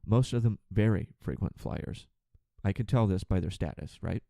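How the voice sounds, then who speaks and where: A man hosting a podcast, ranting sarcastically and with profanity about his passengers as a flight attendant, acting out their lines in quick put-on voices. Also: low-pitched, gravelly, mellow, no room sound, clean studio sound. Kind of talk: ranting monologue.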